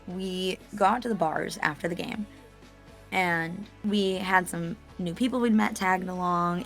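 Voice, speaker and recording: A young woman telling a story as an interview guest, animated and chatty, laughing and swearing as she goes. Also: mid-range voice, vocal fry. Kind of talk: casual storytelling.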